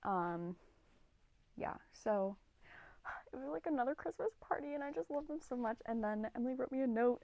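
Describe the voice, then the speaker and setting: Young woman gushing and rambling on her podcast, excitable, super dry close sound. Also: fairly high pitch, moderate pace, creaky, dry recording, muffled recording. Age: 20s. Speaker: podcast co-host. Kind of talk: casual solo podcast chat.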